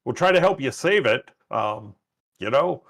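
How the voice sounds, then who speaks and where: Playful gravelly man at a game table. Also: mid-range voice, expressive, measured pace, fairly bright tone. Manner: playful, laughs often. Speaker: player. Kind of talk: casual game table chat.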